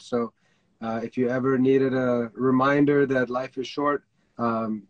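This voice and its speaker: A man hosts a livestream talk show over a video call, his voice steady and flat. His words are casual and kind. The sound is close and dry. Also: mid-range voice, no echo, dull audio. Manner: warm, supportive, informal with "man". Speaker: host.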